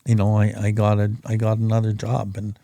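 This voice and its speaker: A man's voice: lowish voice, completely flat delivery, fairly quick, warm tone, no echo. A middle-aged man hosting a recovery podcast, telling his story in a rambling, profane, plain-spoken way. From Canada. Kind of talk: casual storytelling.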